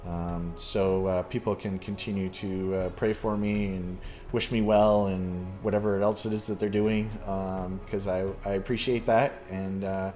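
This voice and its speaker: A man's voice: sits low, little pitch movement, a little slow, few pauses, a little mellow, soft background music. A man from Canada hosting a casual chat, rambling through a story with lots of fillers. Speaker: podcast host.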